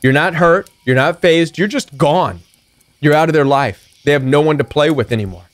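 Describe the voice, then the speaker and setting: A man's voice: fairly high pitch, normal speed. A middle-aged man giving a preachy, emphatic motivational talk as a coach, acting out defiant retorts. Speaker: recovery coach.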